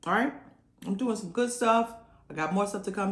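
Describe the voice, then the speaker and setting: Talking a little fast in a medium-pitched voice, a woman vlogs while eating, chatting casually to camera in a reverberant space. She speaks with her mouth full, hums over her food, and keeps a folksy tone, often saying y'all.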